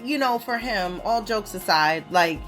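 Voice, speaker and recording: Woman podcast host in her thirties, lively swooping pitch, loose and profane, faint music bed. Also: measured pace. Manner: profane, animated storytelling with mocking quoted voices. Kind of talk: casual explicit monologue.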